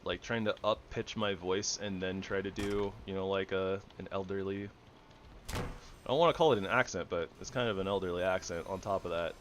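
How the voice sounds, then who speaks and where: Male gamer with a deep voice, relaxed rambling commentary that keeps correcting itself. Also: normal speed, a little hiss or hum. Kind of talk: casual gameplay commentary.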